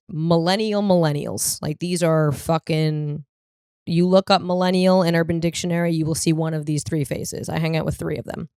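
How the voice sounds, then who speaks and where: Lowish-voiced woman in her 30s doing a sweary rambly comedy monologue, super dry sound. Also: normal speed, clean tone, no echo. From US East Coast. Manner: profane, rambling and animated, acts out quoted voices. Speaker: podcast host.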